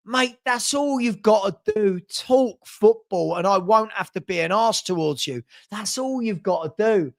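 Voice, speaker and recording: A man's voice: high-pitched, lively intonation, normal speed, hardly any pauses. A man hosting a live-stream football Q&A, reading out viewer questions and answering bluntly, often stumbling and repeating himself.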